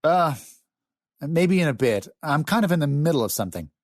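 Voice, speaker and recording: A man's voice: fairly high pitch, very animated, moderate pace, no echo, pitched above the performer's own voice. Brief: dismissive eighteen-year-old gamer, short answers, man doing the voice, dry close recording. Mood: curt. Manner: curt, dismissive. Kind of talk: audiobook character voice.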